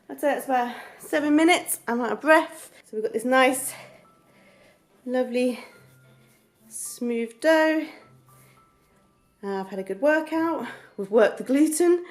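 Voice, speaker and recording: A woman with a slightly high voice hosts a homemade cooking lesson. She explains each step in a chatty, reassuring manner. Faint music plays behind her. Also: a little mellow. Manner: encouraging, chatty, gets out of breath while kneading. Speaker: cooking show host. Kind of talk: home cooking demonstration.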